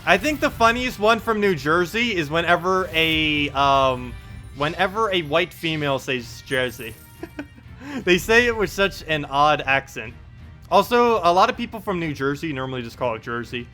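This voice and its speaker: Bright-voiced, chatty male game streamer. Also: fairly high pitch, lively intonation, moderate pace, faint music behind. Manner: chatty, reading out chat and laughing often. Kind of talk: casual live-stream chat. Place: home in South Carolina.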